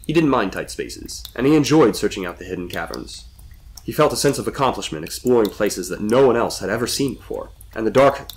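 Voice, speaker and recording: A man reading a spooky story aloud in scripted narration, with expressive delivery. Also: fairly low pitch.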